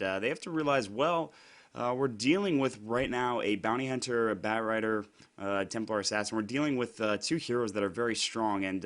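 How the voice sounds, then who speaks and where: A young man, slightly hoarse from being sick, doing solo play-by-play commentary in a chatty, rambling way with frequent fillers and self-corrections. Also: fairly low pitch, a bit bright. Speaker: esports commentator.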